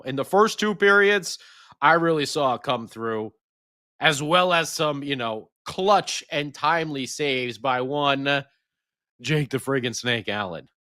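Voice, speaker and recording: A man hosting a sports podcast, giving an energetic, jokey game recap. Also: medium pitch, no room sound, studio quality. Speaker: podcast host.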